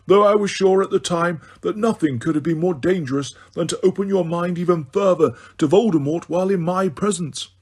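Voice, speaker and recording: A wise old headmaster wizard, weary and grave, as a man reads him aloud in an audiobook. He speaks slowly and gently with a slightly raised, husky tone. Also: sits high, voice pushed up. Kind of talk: audiobook character reading.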